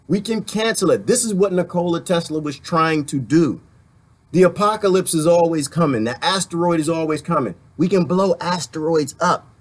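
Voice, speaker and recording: Casting note: man, slightly high voice, animated rambling political rant to camera, laughs easily. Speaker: vlogger.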